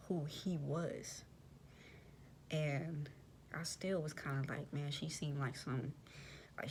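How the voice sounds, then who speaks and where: Young woman telling a story, low and gravelly. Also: slight background noise. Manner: animated, slangy, addresses listeners as y'all. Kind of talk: casual storytelling.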